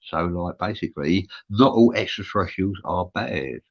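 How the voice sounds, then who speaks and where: A man's voice: low-pitched, animated, normal speed, vocal fry. London man hosting live chat, earnest and rambling, uh-heavy, muffled lo-fi sound. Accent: London English. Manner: rambling, many filler uhs, earnest. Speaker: show host. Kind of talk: live show chat reading viewer comments.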